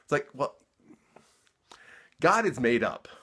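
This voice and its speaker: A man's voice: mid-range voice, big pitch swings, slow, fairly bright tone, slightly rough. A man ranting to camera in a vlog, worked up and emphatic, sarcastic at times, tripping over and repeating words when heated. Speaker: vlogger.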